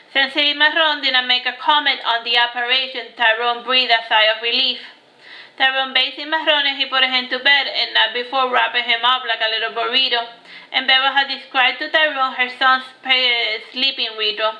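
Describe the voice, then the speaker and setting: A woman's voice: high-pitched, sharp tone, poor audio. A woman reading her novel aloud, with occasional restarts and small slips. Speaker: audiobook reader.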